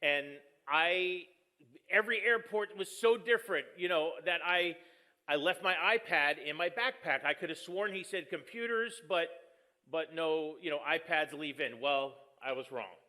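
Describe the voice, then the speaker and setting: Bright-voiced joking pastor. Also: male voice, fairly high pitch, unhurried. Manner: joking, storytelling, self-deprecating. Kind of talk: conversational sermon.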